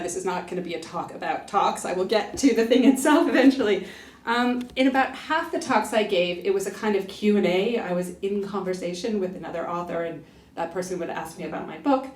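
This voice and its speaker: A woman's voice: on the low side, darkish tone. A woman in her forties gives a chatty, self-deprecating book talk to a live audience and laughs often. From United States. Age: 40s. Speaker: author giving a book talk. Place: library event room. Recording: echoey room, voice from far off.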